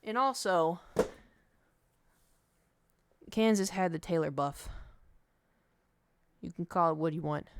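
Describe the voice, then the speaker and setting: A woman's voice: medium pitch, clean tone, no echo. Chatty woman streamer, dry close sound. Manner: chatty and animated, jumping between stories. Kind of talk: casual chat.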